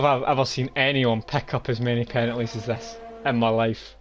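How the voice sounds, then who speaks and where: A man's voice: medium pitch, steady tone, fairly quick, few pauses. A man commentating a sim racing league live, often breaking into laughter and disbelieving exclamations. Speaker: race commentator. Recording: music bed and engine noise.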